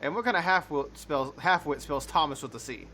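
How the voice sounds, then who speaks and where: A man's voice: a little high, fairly quick, bright, forceful tone, slight background noise, voice pushed up. A man voicing a stern, scornful older father who scolds his son in a game. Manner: contemptuous, scolding.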